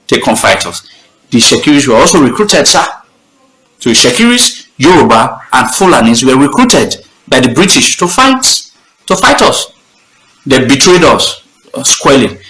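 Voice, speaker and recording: A man's voice: medium pitch, a bit bright, echoey room, low-quality recording. A middle-aged Nigerian man with an Edo accent, hosting a heated live talk show in an emphatic, impassioned way. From Nigeria, Benin. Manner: emphatic, impassioned, talks over himself. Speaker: host.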